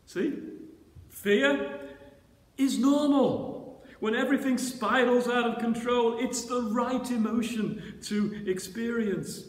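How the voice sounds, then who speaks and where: High-voiced preacher in an echoing church. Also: male voice, slow pace. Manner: dramatic, voice rising to shouts when voicing the disciples. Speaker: pastor. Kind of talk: sermon. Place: church sanctuary. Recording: roomy church reverb.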